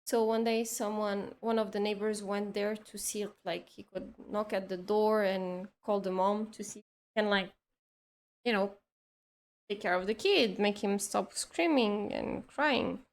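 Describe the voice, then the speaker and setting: A woman's voice: mid-range voice, fairly even intonation, a little slow. A woman telling a long story in casual chat, rambling with lots of "like" and restarts. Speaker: streamer.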